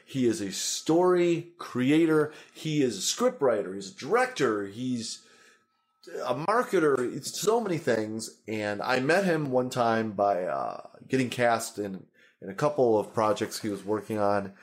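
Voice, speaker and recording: A man's voice: lowish voice, big pitch swings, a little slow. A man hosting a casual comedy podcast, riffing playfully on silly ideas and laughing often. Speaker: podcast host. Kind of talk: casual improv chat.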